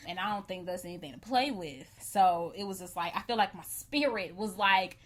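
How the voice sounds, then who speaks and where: A woman co-hosting a podcast, telling a story in a lively, animated way, laughing often and acting out what people said. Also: mid-range voice, moderate pace. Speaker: podcast co-host. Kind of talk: casual storytelling chat.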